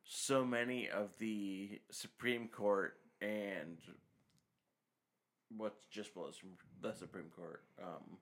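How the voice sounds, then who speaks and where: A man's voice: fairly low pitch, steady tone, takes it slowly. A man co-hosting a podcast in casual chat, rambling and searching for words with many ums. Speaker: podcast co-host.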